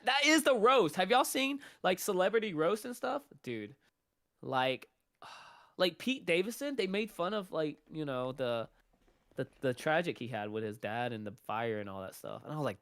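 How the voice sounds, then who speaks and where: A man's voice: on the high side, a bit bright, no echo, studio quality. A young adult man co-hosting a podcast, joking and telling stories in casual chat. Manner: joking, teasing, storytelling. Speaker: podcast co-host.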